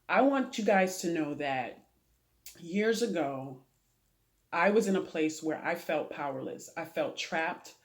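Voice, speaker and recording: A woman's voice: low-pitched, darkish tone. Earnest woman sharing her faith. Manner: earnest and preachy, speaks of faith and prayer. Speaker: interview guest. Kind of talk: heartfelt testimony in a talk show interview.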